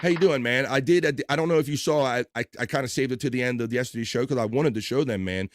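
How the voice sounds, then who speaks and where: A man's voice: medium pitch, quick pace, heavy background noise. A man hosting a casual livestream, reading out chat messages and joking around loosely. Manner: reads chat messages aloud in bursts of voices, laughs and jokes loosely. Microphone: desk microphone.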